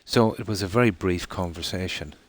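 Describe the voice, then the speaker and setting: An Irish man streaming a game live, chatting casually in a rambling way with many pauses and restarts. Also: deep voice. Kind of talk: casual live-stream chat while gaming.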